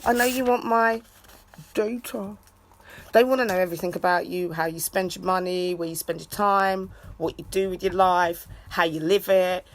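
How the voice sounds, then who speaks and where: A woman in a rambling live video chat. She rants and shouts out to friends in an excitable way. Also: fairly low pitch, gravelly. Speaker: vlogger.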